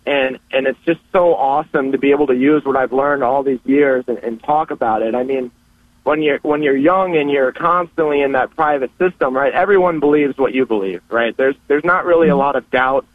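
A man's voice: mid-range voice, fairly quick, no echo. A young man in his early twenties calling in, talking earnestly about family and faith with many small restarts. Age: 20s. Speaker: caller. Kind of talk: casual call-in chat. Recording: tinny phone line.

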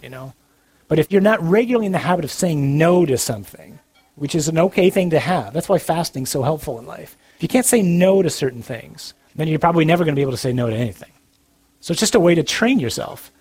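A man's voice: fairly high pitch, a little mellow, breathy edge. A man giving an earnest, blunt Catholic talk to young adults, with dry humor. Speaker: Catholic speaker.

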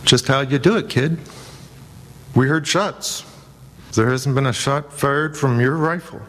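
A man voicing a kindly army sergeant who speaks gently and steadily. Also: medium pitch, measured pace, in a large hall. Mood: kind, puzzled.

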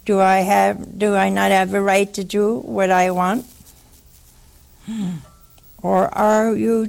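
An older woman delivers a sermon at an unhurried pace, her voice gravelly with fry. She tells stories with a teasing edge, slipping into the voices of the people in them. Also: medium pitch. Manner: teasing, animated storytelling with quoted voices. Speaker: preacher. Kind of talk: sermon with storytelling.

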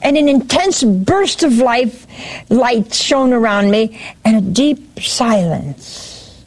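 A woman's voice: fairly high pitch, animated, slow, a little mellow. A woman giving a sermon, retelling a story and quoting its speakers, with frequent restarts.

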